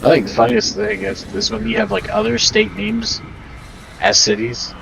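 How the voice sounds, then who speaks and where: A man's voice: high-pitched, moderate pace. A man from Maryland chatting casually and swearing freely with friends on a game stream. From Maryland, USA. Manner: swears casually, animated storytelling. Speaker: gamer on a group stream. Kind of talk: casual chat among friends. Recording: distant mic with clear background noise.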